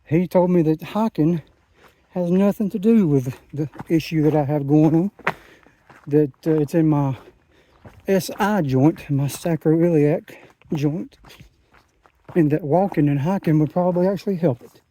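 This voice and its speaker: A man's voice: on the high side, measured pace, long pauses, warm tone. A man, talking in a rambling, enthusiastic way into his phone while out hiking a mountain trail. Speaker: hiking vlogger. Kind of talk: casual trail vlog. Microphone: phone camera.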